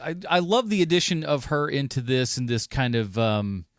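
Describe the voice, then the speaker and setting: A man hosting a podcast, chatting casually in a rambling way, with frequent halting restarts. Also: mid-range voice, expressive, no room sound, studio quality. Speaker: podcast host. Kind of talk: casual chat.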